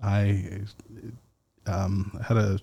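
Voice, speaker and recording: A man hosting a casual solo podcast, talking slowly and haltingly with many fillers, still foggy after an edible. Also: on the low side, completely flat delivery, vocal fry, warm tone, dull audio. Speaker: podcast host.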